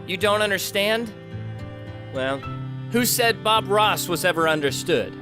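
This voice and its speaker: A man hosting a let's play, chatting to himself as he plays and swinging between loud outbursts and quiet mumbling. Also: sits high, expressive, measured pace, over music. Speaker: gaming channel host.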